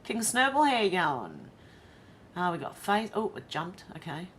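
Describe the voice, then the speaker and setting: An Australian woman hosts a live stream in a blunt, chatty way, calling out viewers by name. Her voice sits a little low. A faint rumble runs underneath. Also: wildly swooping pitch, unhurried. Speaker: commentary channel host. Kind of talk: casual live-stream commentary.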